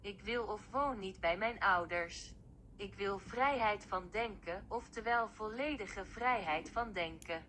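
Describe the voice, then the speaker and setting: A woman voicing a grumpy, stubborn young Dutch settler who talks slowly in a low mutter. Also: a little hiss or hum, close to an everyday voice. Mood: sullen. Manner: slow, flat, muttering.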